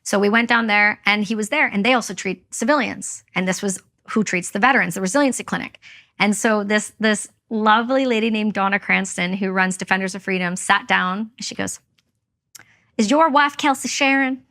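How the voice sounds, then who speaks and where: A woman's voice: mid-range voice, fairly even intonation, a little fast, sharp tone. A woman from Canada, a veteran and guest, telling a personal story in an interview, candid and blunt.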